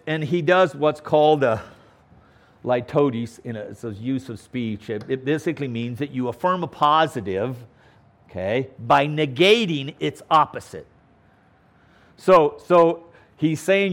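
A man's voice: fairly high pitch, a bit bright. A man teaching a Bible passage verse by verse, stressing words by repeating them and checking in with "okay?".

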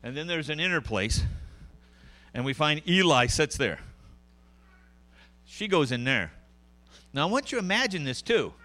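A middle-aged man preaching a sermon, conversational and animated, with frequent asides to the congregation. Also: a little high, moderate pace, long pauses. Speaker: pastor.

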